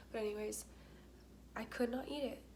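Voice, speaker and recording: A woman's voice: on the high side, steady tone, measured pace, gravelly, background noise. A young adult woman vlogging in casual chat, candid and talkative, with frequent filler words.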